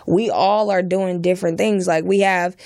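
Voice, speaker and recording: A woman's voice: on the low side, steady tone, normal speed, darkish tone, dry recording, studio quality. A young woman co-hosting a podcast, chatty and leaning heavily on "like.". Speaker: podcast co-host. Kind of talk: casual podcast chat.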